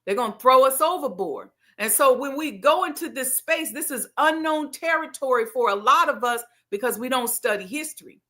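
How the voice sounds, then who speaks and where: Her voice is high, bright and pushed, with lively intonation, normal speed and hardly any pauses. Leading a Ramadan gathering, this middle-aged woman preaches a motivational sermon with emphasis, repeating key lines and trading folksy call-and-response with listeners she treats like family.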